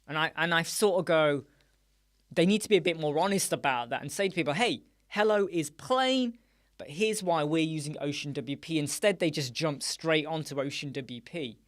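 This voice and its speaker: A man's voice: on the high side, brisk. Male host, casual live-stream chat, jokey and playful, fond of wordplay. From United Kingdom. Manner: jokey, playful, riffs on words and laughs often. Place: small dark room with soundproof panels.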